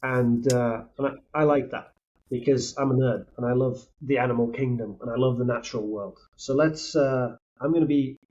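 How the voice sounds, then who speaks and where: A man's voice: medium pitch, fairly even intonation, moderate pace, a little mellow. A man who is a guest on a podcast, talking casually in a rambling way and often restarting his sentences. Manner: rambling, self-interrupting, hedging. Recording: dull lo-fi mic sound.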